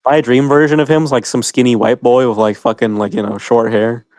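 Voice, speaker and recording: A man's voice: mid-range voice, fairly even intonation, fairly quick, darkish tone, no echo. Rambling young-sounding man, dry close sound. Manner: rambling, laughs often, heavy filler "like". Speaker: podcast host. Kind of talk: casual chat.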